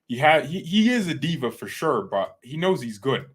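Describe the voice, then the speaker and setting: A man's voice: a little high, moderate pace, slightly rough. A man hosting a fan channel in casual, rambling live-stream chat, joking around and slipping into playful put-on accents. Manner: chatty and excitable, addresses viewers as guys and bro.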